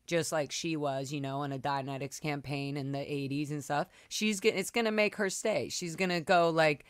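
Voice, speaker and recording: This podcast host, a young adult woman, tells an emotional, candid personal story in casual chat over a video call, frequently using fillers and restarting. Her voice is deep and at normal speed, captured in a dry recording with clean studio sound.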